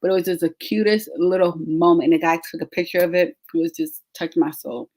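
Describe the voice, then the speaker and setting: A woman in her thirties hosting a podcast, telling a story in animated casual chat and laughing often. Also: lowish voice, a little fast. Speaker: podcast host.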